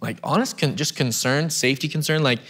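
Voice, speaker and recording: A man's voice: a little high, a little fast, a bit bright, husky. A man in his thirties preaches from a church stage. He keeps it conversational and self-deprecating, often doubling back on his words as he restarts a thought. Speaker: pastor. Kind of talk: sermon.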